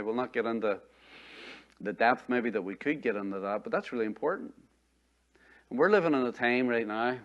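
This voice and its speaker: A man's voice: mid-range voice, fairly bright tone. A middle-aged man, preaching a sermon as pastor in a conversational way, repeating phrases and asking the congregation rhetorical questions.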